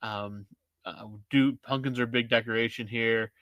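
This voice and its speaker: Thirties male co-host, bright tense voice, loose filler-heavy chat, dry. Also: medium pitch, steady tone, moderate pace, no room sound, dull audio. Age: 30s. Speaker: podcast co-host. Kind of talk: casual sports podcast chat.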